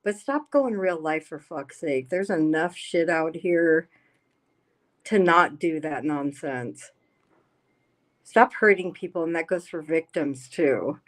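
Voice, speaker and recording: A woman's voice: low voice, takes it slowly. A woman hosting a casual livestream, reading the chat aloud and talking bluntly with plenty of swearing. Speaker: livestream host. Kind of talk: casual live-stream chat. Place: home.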